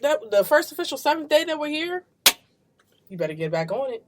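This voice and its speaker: A young woman from Virginia co-hosting a podcast, loud and projecting her voice, laughing often in casual chat. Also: high voice, big pitch swings, a little fast. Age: young adult. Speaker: podcast co-host. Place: library room.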